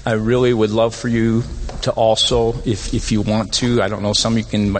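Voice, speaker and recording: A man preaching a sermon as pastor, animated and conversational, often rising in pitch to stress a point. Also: normal speed, slight background noise. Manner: animated, rises in pitch when making points. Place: church sanctuary. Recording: long hall reverb.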